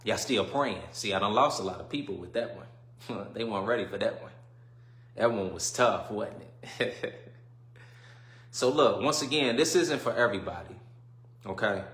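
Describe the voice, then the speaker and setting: A man hosting a livestream and delivering an emphatic, preachy monologue, often checking whether listeners follow him and swinging between quiet musing and loud bursts. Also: on the low side, lively intonation, moderate pace, long pauses, roomy sound. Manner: emphatic, keeps asking "you see what I'm saying". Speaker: livestream host.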